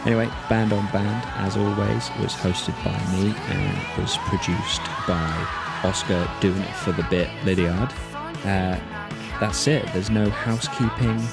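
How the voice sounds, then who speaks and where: A man's voice: lowish voice, a little slow, hardly any pauses, loud music behind the voice. A man hosting a podcast, chatting in a laid-back, easygoing way over a video call. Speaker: podcast host. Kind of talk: casual interview chat.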